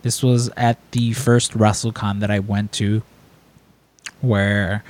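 A man's voice: on the low side, level tone, slow, darkish tone. A young man co-hosting a podcast, telling stories in a rambling casual chat with lots of fillers and restarts. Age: young adult. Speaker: podcast co-host.

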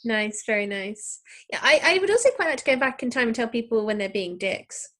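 A woman co-hosting a podcast, trading teasing, quick-witted banter. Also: a little high, animated, sharp tone. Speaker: podcast co-host. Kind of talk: casual chat.

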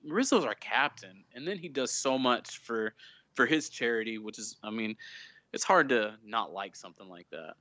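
A man telling stories on a casual podcast, with a bright, forceful edge to his voice. He retells conversations with lively quoted lines. The sound is dry and close. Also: mid-range voice, normal speed, no room sound. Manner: storytelling, animated retelling of quotes. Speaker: guest, fan club leader.

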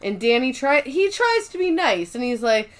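A chatty woman with a somewhat high voice co-hosts a casual recap podcast. She talks animatedly, swears freely and scatters "like" through her sentences. She breaks into put-on voices to act out the characters' lines. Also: sing-song, moderate pace. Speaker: podcast co-host.

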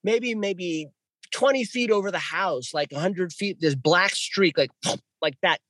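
A man guest telling a story in an excitable way, swinging between hushed and loud. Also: high voice, measured pace, no room sound. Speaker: podcast guest. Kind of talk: animated storytelling.

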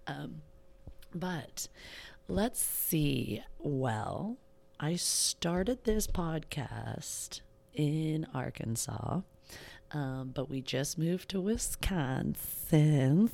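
Female podcast host, thirties, low gravelly voice, bubbly and self-mocking, casual rambling solo chat. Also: warm tone. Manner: giggly, bubbly, self-mocking, drawling filler-heavy talk. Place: home recording setup in Wisconsin.

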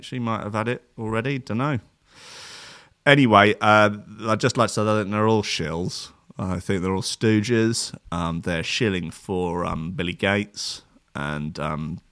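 Casting: male livestream DJ, low-ish, forceful, rambling banter with dry close sound. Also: no room sound. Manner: rambling, jokey, filler-heavy. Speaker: livestream DJ host. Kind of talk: casual rambling livestream chat. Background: faint music.

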